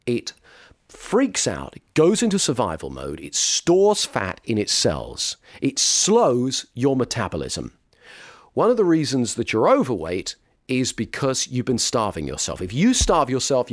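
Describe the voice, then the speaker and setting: A man delivers weight-loss coaching with blunt, emphatic conviction. His pitch leaps and dips through a very wide range as he drives his points home. The sound is close and dry, with no room echo. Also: huge pitch swings, a little slow. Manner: emphatic, direct, with mocking impressions of others. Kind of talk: motivational instruction to camera.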